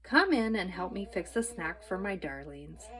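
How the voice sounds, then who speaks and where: A woman voicing a kindly, gentle housewife who speaks in a soothing, sweet, fussing way. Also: lowish voice, animated, moderate pace.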